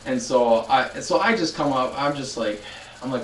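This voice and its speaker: A man's voice: mid-range voice, lively intonation, a little fast, a bit bright, echoey room, distant mic, slight background noise, low-quality recording. A man in his twenties chatting casually on a live stream, telling a rambling story with many restarts and addressing viewers. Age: 20s. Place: loud room.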